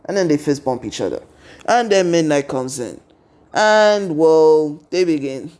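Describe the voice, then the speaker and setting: A man's voice: fairly high pitch, animated, measured pace, a little mellow. Rambling young man retelling a fan story. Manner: rambling, strings events with "and then he's like".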